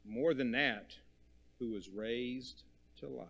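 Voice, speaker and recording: A man preaching a sermon to a congregation. He stresses and repeats key words, swinging from loud emphasis to quiet, low lines. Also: takes it slowly, creaky, breathy edge.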